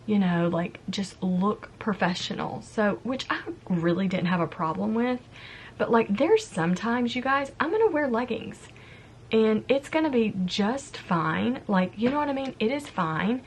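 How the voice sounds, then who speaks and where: A woman's voice: mid-range voice, animated, unhurried, slight background noise. A woman in her thirties, a vlogger, casually telling a personal story to camera in a chatty, confiding way, often acting out what she said. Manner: chatty, confiding, quotes herself. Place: home, yard work heard outside.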